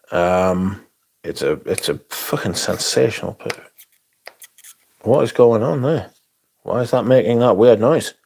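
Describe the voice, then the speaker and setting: A man's voice: fairly low pitch, vocal fry, darkish tone. A man hosting a casual livestream, sweary and sardonic, reading chat aloud as he talks. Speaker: livestream host.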